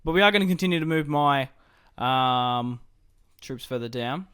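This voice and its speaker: A gaming YouTuber comments casually on his strategy game as he plays, thinking aloud about his moves. His medium-pitched voice is smooth and fairly bright at a moderate pace, captured in a dry, studio-quality recording.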